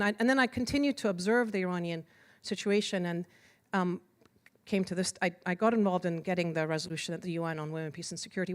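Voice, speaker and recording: A middle-aged woman from Iran tells personal stories at a symposium in an earnest, unpolished way. She often trails off, restarts, and fills gaps as she talks. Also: fairly low pitch. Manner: earnest, halting with restarts and fillers. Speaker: symposium speaker. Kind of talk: personal storytelling talk.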